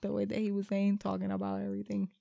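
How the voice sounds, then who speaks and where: A woman's voice: medium pitch, monotone, quick pace, vocal fry, warm tone, dry recording, clean studio sound. A woman, co-hosting a casual chat and telling stories, swearing freely and dropping in Spanish words. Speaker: podcast co-host.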